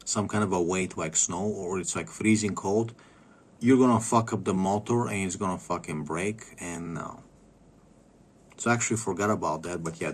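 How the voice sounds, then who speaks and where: Low husky man rambling casually. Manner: rambling, halting, swears casually. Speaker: streamer giving car tips. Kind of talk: casual chat.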